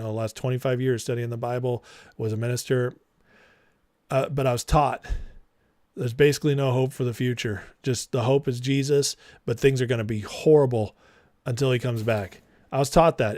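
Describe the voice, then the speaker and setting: A man's voice: medium pitch, darkish tone, dry recording, clean studio sound. A man in his forties hosting a political livestream, speaking fervently and preachily and reading out chat comments.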